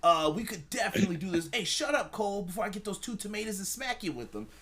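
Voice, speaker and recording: A man doing an impression of a gruff wrestling commentator who rambles off on a tough-guy rant. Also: high voice, sing-song, fast talker, a bit bright, voice pushed up.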